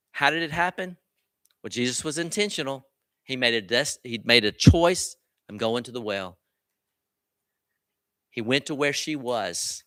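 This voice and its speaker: A man's voice: mid-range voice, fairly bright tone, no room sound. A man preaching a sermon as a pastor, earnest and direct, often asking his listeners rhetorical questions.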